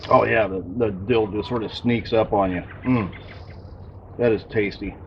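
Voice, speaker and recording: A man's voice: fairly low pitch, measured pace, muffled recording, slight background noise. A man hosting a casual outdoor cooking vlog, tasting and chatting while he eats. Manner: relaxed, eating while talking. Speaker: channel host.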